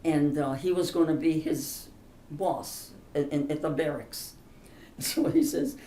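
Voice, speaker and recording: Speaking a little slowly in a low, steady, dark voice, an older woman recounts family stories in a casual interview. She's chatty and emphatic and laughs through her stories, and the roomy, distant recording carries a faint hiss.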